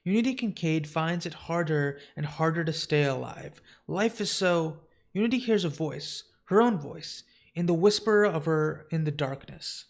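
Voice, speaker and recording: A man's voice: fairly high pitch, animated, moderate pace, creaky, few pauses. A man reading a comic book aloud on a live stream, with casual asides. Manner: casual asides between narration.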